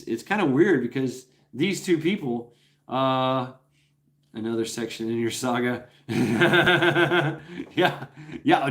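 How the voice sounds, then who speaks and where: A man hosting a casual livestream, telling a rambling, profane story with many restarts and chuckles. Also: medium pitch. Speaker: livestream host.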